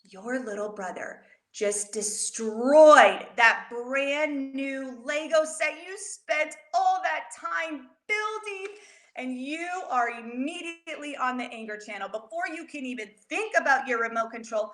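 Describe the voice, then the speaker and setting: Animated woman teaching kids, roomy sound. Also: high-pitched, measured pace. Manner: animated, expressive, talks directly to children. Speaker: educator teaching children. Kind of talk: storytelling lesson for kids. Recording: roomy echo.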